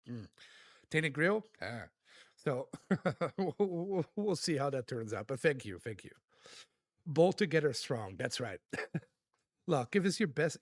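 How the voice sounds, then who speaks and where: A man live-streaming, reading chat aloud and thanking viewers in a relaxed, laughing manner. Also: mid-range voice, dry recording, clean studio sound. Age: adult.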